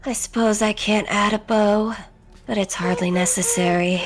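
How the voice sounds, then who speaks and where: A woman's voice: mid-range voice, steady tone, moderate pace, soft background music. A woman playing a tabletop horror game, playful and teasing, narrating her character's actions. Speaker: player. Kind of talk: casual tabletop role-play.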